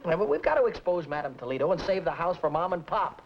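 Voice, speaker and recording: A man's voice: fairly high pitch, sing-song, quick pace. A young man playing a brash, bossy comic lead in a 1950s sitcom. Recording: dull, hissy 1950s TV soundtrack.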